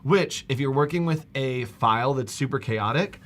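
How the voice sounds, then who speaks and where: A man hosting a live stream, casually walking viewers through a software demo step by step. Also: mid-range voice, moderate pace. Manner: casual, talks viewers through steps on screen. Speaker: livestream host.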